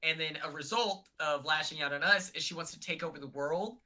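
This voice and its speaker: A young man chatting casually on a livestream call. He rambles, filling gaps with "like" and "um". His voice is very bright and sits a bit high. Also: a little fast. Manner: chatty, rambling, many fillers. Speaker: guest.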